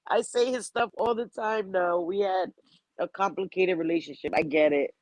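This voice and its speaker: A woman's voice: on the low side, moderate pace, a little mellow, dry recording, low-quality recording. A woman hosting a live stream, talking heartfelt and rambling about grief, with a stuffy nose and frequent laughter. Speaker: livestream host. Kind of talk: emotional live-stream chat.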